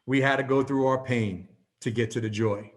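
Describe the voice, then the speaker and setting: Animated man in his fifties telling stories. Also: medium pitch, normal speed. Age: 50s. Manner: animated storyteller, peppers talk with "okay?". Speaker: presenter. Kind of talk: motivational talk with storytelling.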